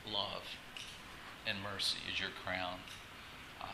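A man pastor giving a casual, halting sermon to his congregation, repeating words and laughing often. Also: on the low side, bright, forceful tone. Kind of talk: conversational sermon. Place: church sanctuary. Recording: echoey room, faint ambient noise.

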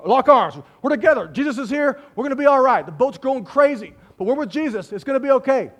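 A man voicing a group of excited male disciples in a storm, cheering each other on eagerly. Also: a little high, fairly quick, breathy edge. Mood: encouraging. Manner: eager, breathless encouragement.

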